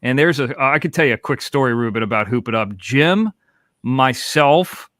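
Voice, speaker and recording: A man's voice: medium pitch, expressive, moderate pace, fairly bright tone, no room sound, studio quality. A man in his forties from Florida, a podcast host telling rambling, profane stories in casual chat. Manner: rambling, profane, laid-back.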